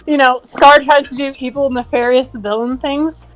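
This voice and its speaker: A young woman co-hosting a casual chat, telling an exasperated, profane story in an animated way. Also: high-pitched, normal speed, no room sound, faint music behind, rough recording. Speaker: co-host.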